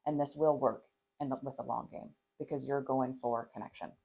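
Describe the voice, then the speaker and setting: A woman in her thirties, a counselor, tells parenting stories in an animated way, laughing often and softening into a gentle voice when she quotes herself. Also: extremely low pitch, fairly quick, husky. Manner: animated storytelling, acts out soft calm parent voice, laughs often. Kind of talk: podcast conversation.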